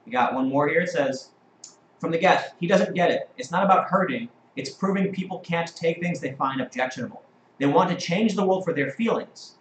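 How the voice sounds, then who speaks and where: Fast-talking, emphatic man in an echoey room. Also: on the high side, slight background noise. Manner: fast, emphatic and profane, reads viewer comments. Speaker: host. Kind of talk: live-stream debate.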